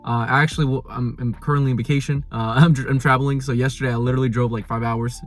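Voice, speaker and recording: A man's voice: medium pitch, fast talker. A young man casually reviewing an anime episode, rambling with lots of "like" and restarts. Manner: animated paraphrasing of characters.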